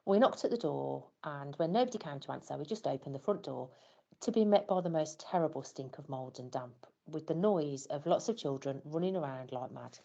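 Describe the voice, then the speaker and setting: A woman's voice: deep voice, expressive, brisk, gravelly, dark tone, highs cut off. A woman telling a scripted first-person story as a flustered parent, wry and self-deprecating. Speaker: parent in a training scenario.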